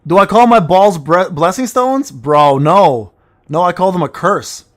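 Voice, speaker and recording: A man talks through a game on a livestream, teasing his chat with crude jokes and rambling asides. His voice sits high and swings widely up and down, full of playful bounce. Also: animated, a little slow. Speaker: gaming streamer reading chat. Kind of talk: casual livestream chatter while playing.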